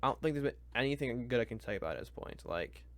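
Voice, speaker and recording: A young man reacting live to a book, exasperated and ranting, going from mutters to loud complaints. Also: mid-range voice, expressive, rapid-fire. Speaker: reviewer.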